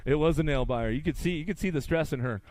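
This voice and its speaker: A man calling a live race, running through riders' names in quick play-by-play and tossing in joking asides. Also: fairly high pitch, darkish tone. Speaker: race announcer. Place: outdoor race track.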